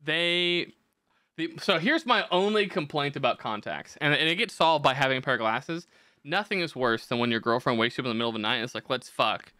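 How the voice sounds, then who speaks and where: A man's voice: on the high side, lively intonation, a little fast, pushed and bright, clean tone, no echo, clean studio sound. A young man hosting a podcast, telling crude, profane comic stories in a brash, rambling way. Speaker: podcast host. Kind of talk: crude comedic rant.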